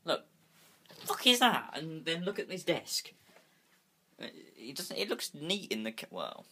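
A young man's fairly high, sing-song voice comes across bright and forceful, a little slow, with a little hiss or hum in the audio. Vlogging casually on a handheld phone in his bedroom, he rambles restlessly and swears freely.

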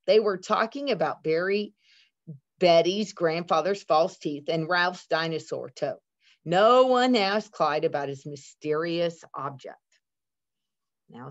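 A woman teacher reading a picture book aloud to her students, expressive and adding chatty asides to the class. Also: lowish voice. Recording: dull lo-fi recording.

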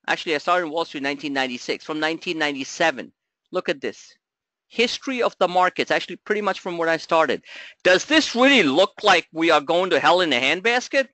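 A middle-aged man hosting a live trading webinar, joking and talking loosely, with loud asides and low mutters. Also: dry recording. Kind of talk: live market webinar talk.

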